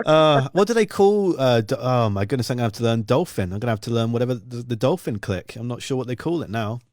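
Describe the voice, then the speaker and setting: A man's voice: medium pitch, animated, fast, a little mellow, no room sound, studio quality. A man hosting a live stream chat, effusive and grateful toward his guest. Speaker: host.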